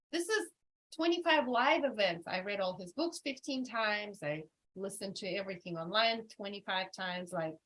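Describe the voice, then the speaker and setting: A woman's voice: on the high side, slightly rough, rough recording. A woman leading a motivational retreat workshop, emphatic and repetitive, telling stories with lots of energy. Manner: emphatic and repetitive, animated storytelling. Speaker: retreat coach.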